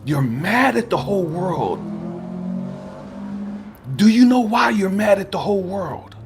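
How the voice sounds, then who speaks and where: A man voicing God as a stern but patient divine presence, speaking slowly in a hushed, partly whispered way. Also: high voice, very animated, background noise, full character voice.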